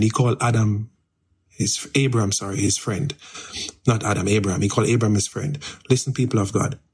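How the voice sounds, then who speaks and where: A man's voice: on the low side, breathy edge. A man, a pastor and radio guest, earnestly urging listeners to draw closer to God. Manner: earnest, steady preaching.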